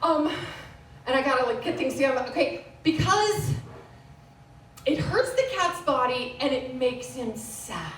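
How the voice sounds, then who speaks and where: A woman in her thirties doing stand-up comedy, telling a story on stage with lively, animated delivery. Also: a little slow. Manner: animated storytelling with wild pitch jumps. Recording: roomy live venue, distant, faint hiss.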